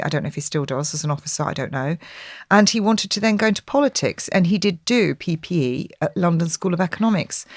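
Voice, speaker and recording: Speaking with emphasis in a lowish voice, a middle-aged woman appears as a guest in a conversational interview, frequently restarting, saying "um," and repeating herself. The audio is dry and studio quality.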